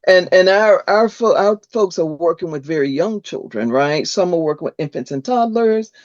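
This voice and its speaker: Lively-voiced grandmother host in her sixties. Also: lowish voice, normal speed, dry recording. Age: 60s. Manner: animated storyteller, agreeable back-channel replies. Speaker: podcast host and early childhood educator. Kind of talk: casual interview chat. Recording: dull lo-fi dry sound.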